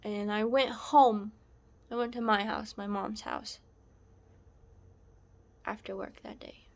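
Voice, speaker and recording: Slow, soft-spoken woman telling her story. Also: medium pitch, fairly even intonation. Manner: halting, soft-spoken, drops to whispers at times. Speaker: vlogger sharing a personal story. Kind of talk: emotional personal testimony.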